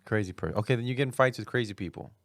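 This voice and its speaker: A man's voice: fairly low pitch, racing, vocal fry, no room sound, clean studio sound. A man hosting a casual comedy podcast, teasing and needling his co-hosts. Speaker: podcast host.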